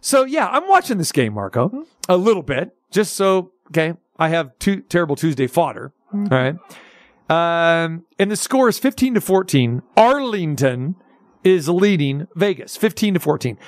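A man's voice: on the high side, sing-song, normal speed, no echo, clean studio sound. A man hosting a sports radio show, ranting with sarcastic asides. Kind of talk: casual sports talk radio rant.

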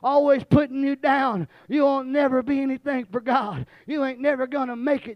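A man preaching with a very high voice. He moves from low, quiet storytelling to shouted, stretched-out refrains that he repeats again and again. The sound is close and dry, with no room echo. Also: steady tone, normal speed, hardly any pauses, dull audio. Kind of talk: sermon.

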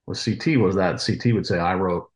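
A man co-hosting a casual interview, musician, telling stories in a relaxed, rambling way. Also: low voice, fairly quick, roomy sound. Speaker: co-host, musician.

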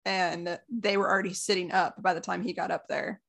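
A woman's voice: fairly low pitch, steady tone, brisk, vocal fry, a bit bright. A woman in casual conversation who chimes in, amused, with her side of a workplace story. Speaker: theater coworker.

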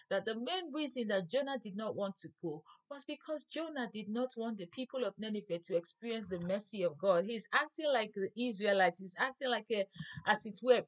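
Woman teaching a Bible study. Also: medium pitch. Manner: reads scripture aloud, then explains it plainly with small self-corrections.

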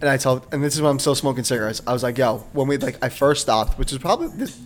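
A man's voice: medium pitch, animated, fast talker. A man co-hosting a podcast, telling a profane story in casual chat and acting out the voices. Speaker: podcast co-host.

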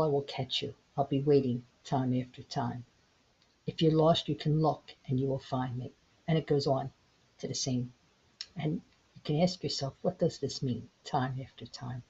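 A woman in her sixties hosting her own podcast, gently telling a parable in an unhurried, reflective way. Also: low voice, slightly rough. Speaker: podcast host. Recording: dull lo-fi home recording.

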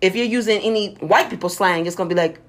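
A woman talking in a loose, casual chat with a co-host. She is blunt and profane, laughs often and stumbles over repeated words as she gets going. Her pitch sits in the middle of the range for a woman. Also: fast.

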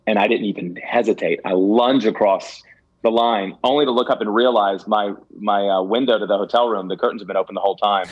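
A man's voice: lowish voice, fairly quick, slightly rough, poor audio. A man giving candid personal testimony as an interview guest, earnest and self-deprecating, with some stammered restarts. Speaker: guest telling a ministry story.

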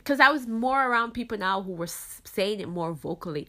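Woman podcast host, Caribbean-raised, faith talk, earnest and reflective, middle pitch. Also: animated, a little fast, fairly bright tone. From Caribbean islands. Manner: earnest, reflective, frequent "you know".

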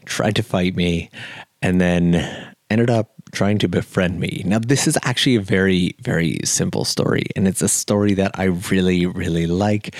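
A man from Canada, hosting a podcast and telling a story in a relaxed, chatty way full of "like" and "um". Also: deep voice, dry recording. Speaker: podcast host. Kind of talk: casual storytelling.

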